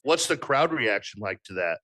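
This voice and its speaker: A man's voice: lowish voice, sing-song, moderate pace, bright, forceful tone, dry recording. A man co-hosting a podcast, asking encouraging questions in a casual interview chat. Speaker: podcast co-host.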